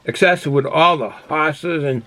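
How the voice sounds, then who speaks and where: An older man with a thick Boston accent rambles through a casual beer review, folksy and full of filler words and false starts. His voice sits a little high for a man. The sound is dry and close, with no room echo. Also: unhurried, pushed and bright. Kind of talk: casual product review monologue. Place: cool home den he calls a man cave.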